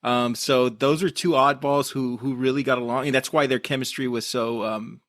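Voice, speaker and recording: A man hosting a casual podcast chat, steering the talk with questions and measured commentary. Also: medium pitch, steady tone, fairly bright tone, dry recording, clean studio sound. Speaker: podcast host leading the questions.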